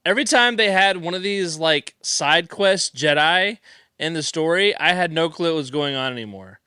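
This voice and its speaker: A man's voice: on the high side, expressive, moderate pace, bright, forceful tone, clear, resonant tone, dry recording, studio quality. A man co-hosting a casual podcast, wry and good-naturedly complaining. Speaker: podcast co-host. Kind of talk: casual roundtable chat.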